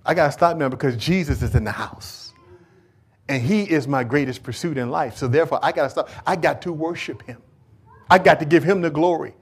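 A man voicing a devoted woman who calmly and earnestly resolves to stop and worship. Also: on the high side, a little fast, slightly rough.

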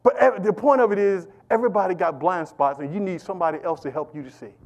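A middle-aged man preaching a sermon as pastor, animated and repetitive, calling out to the congregation. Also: sits high, quick pace, muffled recording. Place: church.

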